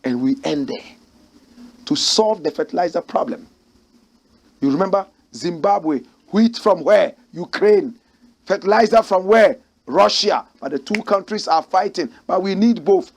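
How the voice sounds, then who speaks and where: A man from Ghana hosting a current affairs show, reading news quotes aloud and commenting emphatically, repeating key phrases. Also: high-pitched.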